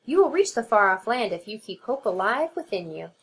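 A woman voicing a gravelly, wise female magic frog in a storybook read-aloud, talking slowly and calmly. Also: mid-range voice. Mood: kindly.

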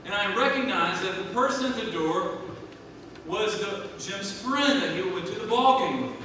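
A man in his thirties preaching a sermon, swinging between hushed and loud, emphatic delivery. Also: sits high, lively intonation, moderate pace, a little hiss or hum. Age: 30s. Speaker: pastor. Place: church sanctuary. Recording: echoey church hall from a distant mic.

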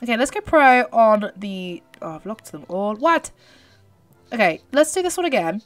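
A young British woman giving excitable commentary while playing a horse racing game, urging her horse on. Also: mid-range voice, moderate pace, soft background music. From Britain. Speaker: gaming YouTuber. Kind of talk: live gameplay commentary.

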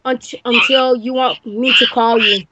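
High-pitched gamer woman on a noisy mic. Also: steady tone, unhurried, lo-fi sound. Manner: joking, playful, insistent. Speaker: player in an online wrestling game. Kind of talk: casual gaming voice chat. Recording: noisy voice chat.

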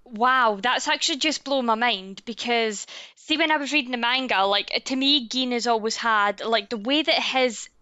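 Woman, podcast co-host, excitable and quick, dry close mic. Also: fairly high pitch, clean tone, no room sound. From Britain. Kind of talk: casual chat.

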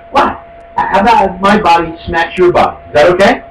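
Man, talk radio host, ranting, insulting, higher-pitched, roomy echo, clear hum behind. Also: takes it slowly, long pauses. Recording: echoey, distant, with hum.

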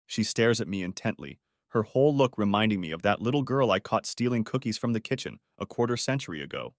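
A man giving an expressive scripted narration of a story. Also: lowish voice, fast talker, no room sound, clean studio sound. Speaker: audiobook narrator.

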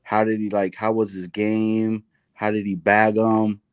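Male co-host, low-ish voice, teasing and loose; dry close sound. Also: little pitch movement, a little slow, clean tone, no echo. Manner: joking, teasing questions, slangy. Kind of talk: casual chat.

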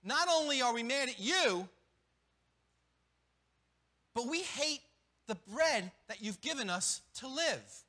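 A man preaching a sermon as pastor, animated, with quick restarts and acted-out asides. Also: extremely high pitch. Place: church.

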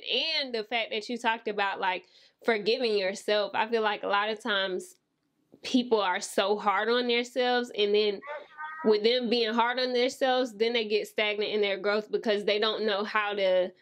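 A woman's voice: mid-range voice, steady tone, unhurried. Encouraging woman hosting a podcast chat. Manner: warm-hearted encouragement, conversational, many fillers like "like". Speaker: podcast host. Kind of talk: casual podcast interview.

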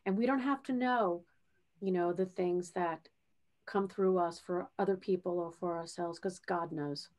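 A woman hosting a podcast interview as a spiritual medium, speaking gently and reassuringly and often checking in with "okay?". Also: lowish voice, unhurried. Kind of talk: podcast interview, giving a reading.

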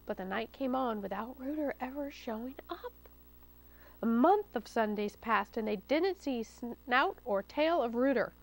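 A woman, a children's librarian, reading a story aloud at storytime in a lively, expressive way. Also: on the high side, a little slow, rough recording. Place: studio taping for local cable TV.

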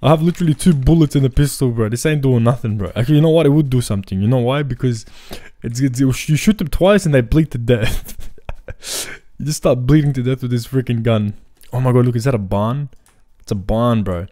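A young man giving casual, excitable gameplay commentary full of slang. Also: medium pitch, brisk, no echo. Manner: excitable, slangy, says "bro" constantly. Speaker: gaming video creator.

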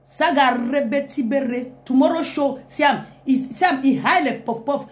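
Brief: young woman, high voice, lively comic live-stream hype. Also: normal speed. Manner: animated, with frequent laughing "hey, hey" exclamations.

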